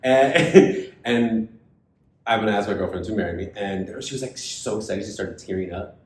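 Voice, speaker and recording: A man co-hosting a podcast, retelling a story in casual chat and acting out the other people's lines. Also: normal speed. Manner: animated retelling, acts out quoted voices. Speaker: podcast co-host. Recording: echoey room with faint rumble.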